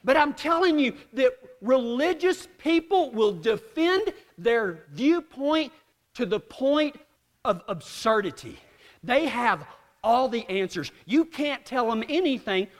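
Man preaching, high lively voice, long hall reverb. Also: takes it slowly. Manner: animated, acts out both sides of arguments. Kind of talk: sermon with storytelling.

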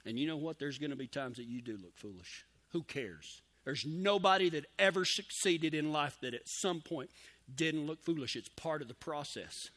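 A man's voice: a little high, expressive, moderate pace, a bit bright. A man preaching a sermon in a folksy, emphatic way, with cowboy slang and key phrases repeated for emphasis.

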